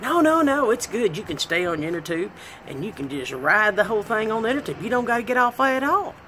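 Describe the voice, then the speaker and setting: A woman voicing an eager man coaxing a friend onto a ride, with a bright, raised voice. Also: mid-range voice, big pitch swings, fast, slight background noise, pitched above the performer's own voice. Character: eager adult man, pushy and upbeat.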